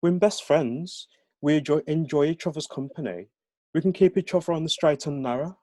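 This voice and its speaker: A man's voice: fairly high pitch, a little fast, dark tone, no room sound, pitched above the performer's own voice, close to an everyday voice. A man doing an eager young Brummie lad. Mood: earnest. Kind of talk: reading aloud from a novel.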